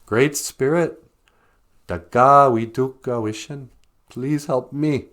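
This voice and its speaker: A man's voice: medium pitch, slow pace, fairly bright tone, voice pushed up. A man voicing a stubborn, self-righteous male rabbit stuck in a snare, pleading and indignant.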